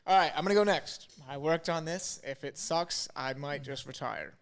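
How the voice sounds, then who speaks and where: A man's voice: on the high side, normal speed, vocal fry. A young man co-hosting a casual podcast, telling a long joke story with acted-out quotes and plenty of swearing. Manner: animated storyteller, acts out voices, swears. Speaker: podcast co-host.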